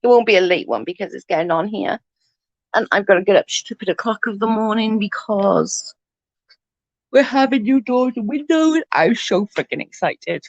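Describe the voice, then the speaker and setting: A woman's voice: mid-range voice, lively intonation, moderate pace, dry recording, dull audio. A middle-aged woman, chatting casually on a livestream and telling funny family stories, laughing often and swearing freely. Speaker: livestream host. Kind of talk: casual storytelling chat.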